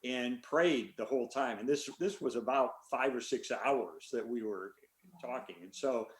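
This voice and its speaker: An older man, an author, answering a question in a relaxed story full of fillers over a video call. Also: mid-range voice, unhurried, roomy sound. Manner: relaxed, rambling with many fillers. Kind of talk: conversational storytelling.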